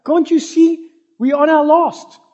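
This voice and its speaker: A man voicing a poor, hungry mother who stubbornly refuses to give up her food, in a much higher, louder voice. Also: fairly even intonation, a little slow, highs cut off. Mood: defiant. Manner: defiant, fretful pleading.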